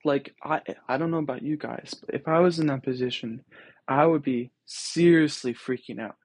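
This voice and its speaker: A man's voice: mid-range voice, normal speed, breathy edge, no room sound. A young man hosting a podcast, reflecting on scripture in a casual, earnest way with many ums and restarts. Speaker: podcast host.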